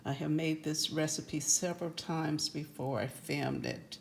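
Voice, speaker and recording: A woman hosting a home cooking video, talking in a homey, unhurried way as she shows her baking. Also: low-pitched, gravelly, a little hiss or hum. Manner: homey, unhurried, repeats itself. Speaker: cooking channel host. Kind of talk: casual cooking demonstration.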